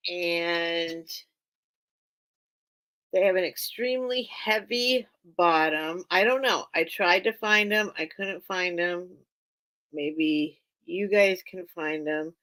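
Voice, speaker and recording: A woman's voice: fairly low pitch, takes it slowly, a bit bright. A woman hosting a casual live-stream sale, chatting and thinking aloud as she greets viewers by name. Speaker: live online sale host.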